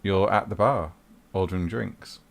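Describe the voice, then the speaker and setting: A man's voice: sits low, unhurried, creaky. A man as game master, narrating a tabletop role-playing game in an easygoing, chatty way.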